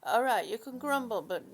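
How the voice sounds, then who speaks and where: A woman talking casually to her small dog as she dresses it, coaxing and affectionate, often quiet and laughing. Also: on the high side, creaky, a little hiss or hum. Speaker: vlogger.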